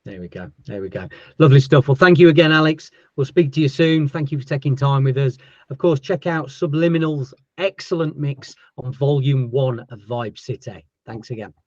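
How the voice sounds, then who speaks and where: A man hosting a casual livestream chat as a label owner, chatty and thankful, his voice going hoarse. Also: on the high side, moderate pace, a little mellow, no room sound, muffled recording. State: losing his voice.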